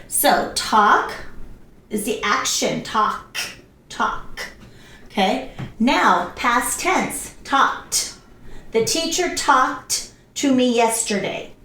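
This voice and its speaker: Slow, careful woman teaching English. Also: on the high side, fairly bright tone. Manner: repeats each word slowly and clearly, acts out actions. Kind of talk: slow classroom lesson with drills. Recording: echoey room, voice a bit far from the mic.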